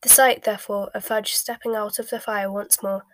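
A woman narrates a storybook in a soft, breathy whisper of middling pitch. The sound is dry and close, with no room around it. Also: fairly even intonation, normal speed, dry recording. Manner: soft, mostly unvoiced whisper.

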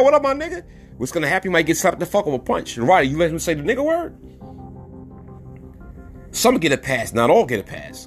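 A man from New City, hosting a podcast monologue in a blunt way, repeating words for emphasis. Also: mid-range voice. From New York City. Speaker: podcast host. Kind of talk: opinionated monologue.

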